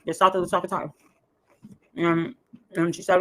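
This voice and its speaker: A woman hosting a livestream tells a long, rambling story in a casual way, acting out the voices of the people in it. Her voice is lowish and flat, at a normal speed.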